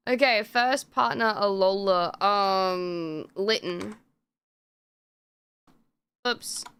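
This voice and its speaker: A woman's voice: medium pitch, bright, forceful tone, clean tone. A woman streamer chatting casually on a live stream, rambling with lots of fillers and frequent swearing.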